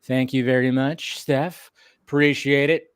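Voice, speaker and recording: A man's voice: mid-range voice, fairly even intonation, measured pace, smooth, dry recording, studio quality. A man hosting a casual livestream, chatting loosely with fillers and restarts, and breaking into stunned, swearing exclamations. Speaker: livestream host.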